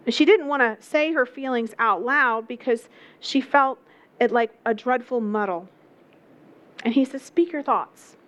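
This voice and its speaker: A woman's voice: on the high side, measured pace, a bit bright. A woman preaching a sermon, telling a story with emphatic repetition.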